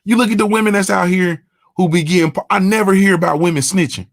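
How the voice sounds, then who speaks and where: Gravelly, blunt man hosting a morning show. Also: high voice, quick pace, dry recording, clean studio sound. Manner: blunt, profane, repeats "you understand what I'm saying". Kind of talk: casual livestream monologue.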